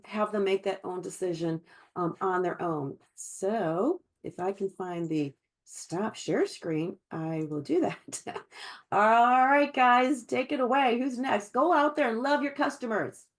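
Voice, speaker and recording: A woman's voice: medium pitch, unhurried. A woman giving an encouraging sales team training over a video call, chatty and full of fillers. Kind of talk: virtual team training talk.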